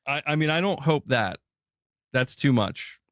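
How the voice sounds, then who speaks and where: A man speaking on his own stream in an earnest, halting way, full of fillers. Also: mid-range voice, lively intonation, a bit bright, dry recording, studio quality. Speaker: streamer in played clip. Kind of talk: casual stream talk.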